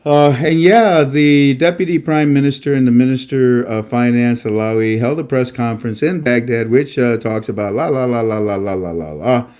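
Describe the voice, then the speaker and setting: A man's voice: medium pitch, normal speed, hardly any pauses, a little mellow. A man hosting a casual monologue show, talking emphatically and preachily, repeating himself and stammering often. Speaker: host. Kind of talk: casual live-stream monologue.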